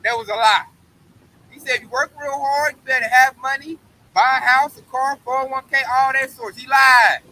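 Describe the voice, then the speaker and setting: A man's voice: very high-pitched, steady tone, moderate pace, pushed and bright, rough recording. A man giving an emphatic, slangy Bible study, often tagging his points with "man". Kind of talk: casual preaching discussion.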